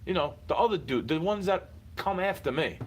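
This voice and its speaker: A man's voice: sits high, lively intonation, fairly quick, low-quality recording. Frustrated man ranting, faint background hiss. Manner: heated, repetitive, swearing, addressing someone directly. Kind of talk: frustrated personal rant to camera.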